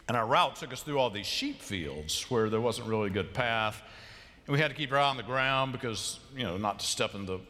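A man preaching a sermon as pastor, telling stories and acting out quotes with humor. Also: medium pitch. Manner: storytelling, animated, acts out quotes and sheep bleats. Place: large church sanctuary. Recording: long church reverb.

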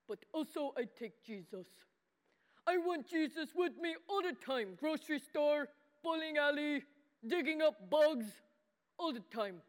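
An adult voicing a simple, earnest boy puppet who talks in broken childlike grammar and calls himself by name in a children's sermon. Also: sits high. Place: church hall. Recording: long church-hall reverb.

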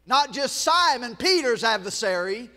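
A man with a Southern US accent preaching a sermon in a church, swelling into shouts and breaking off for joking asides to the congregation. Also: extremely high pitch, very animated, a little slow, in a large hall. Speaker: pastor. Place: church sanctuary.

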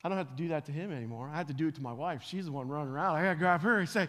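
A middle-aged man preaching a revival sermon to a church crowd, swinging between loud, emphatic calls and hushed, personal talk, often repeating words as he restarts phrases. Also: sits high, animated, fast talker. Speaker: pastor. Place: large church sanctuary with live audience. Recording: long hall reverb.

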